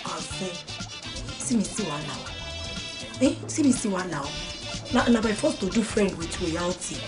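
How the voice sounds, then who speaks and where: A woman's voice: lowish voice, normal speed, music in the background, lightly acted. An actress with a Nigerian accent playing Osas, a dramatic, lovesick young female student. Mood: fretful. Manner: dramatic, excitable.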